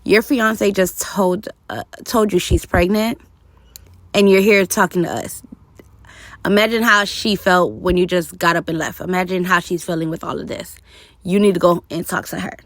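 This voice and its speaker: A man's voice: high-pitched, steady tone, normal speed, fairly bright tone, no echo. A woman voicing a blunt male friend who scolds directly. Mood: scolding.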